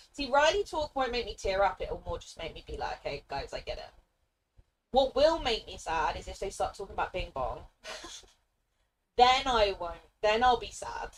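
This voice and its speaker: A young female game streamer with a medium-pitched voice chats casually with viewers, laughing often and briefly trying out playful character voices. The audio quality is poor, and slight background noise comes through.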